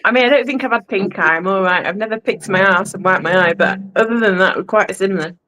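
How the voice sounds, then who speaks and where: A woman's voice: mid-range voice, quick pace, pushed and bright. A British woman in casual chat as a podcast guest, blunt and crudely joking. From United Kingdom.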